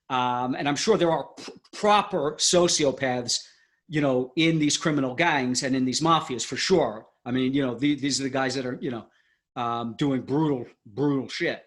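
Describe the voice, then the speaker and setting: A man's voice: mid-range voice, fairly bright tone. A man hosting a podcast interview, thinking aloud in a rambling, thoughtful way. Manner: thoughtful, rambling, many fillers and restarts. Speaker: podcast host. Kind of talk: casual interview talk.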